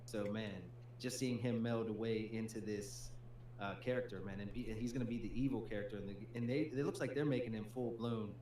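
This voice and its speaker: A fairly low-voiced man on a home streaming setup, talking in a loose, easygoing way with lots of "dude" and "man". The room has an echo, and a faint hum sits under his voice. He sounds like a gaming co-host chatting through his reactions. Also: fairly quick, dark tone. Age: adult with a young child. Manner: laid-back, peppered with "dude" and "man". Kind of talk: casual livestream chat.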